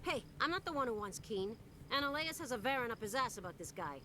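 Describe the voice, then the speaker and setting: An actress voicing a cocky, brash security guard in a video game. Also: female voice, on the high side, lively intonation, quick pace, sharp tone. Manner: brash and bargaining. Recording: faint distant game audio with noise.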